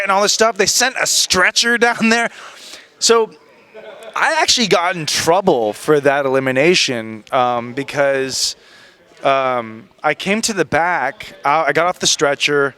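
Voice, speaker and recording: A man telling stories as an interview guest in a casual, animated way, slipping into other people's voices. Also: fairly high pitch, normal speed, clean tone.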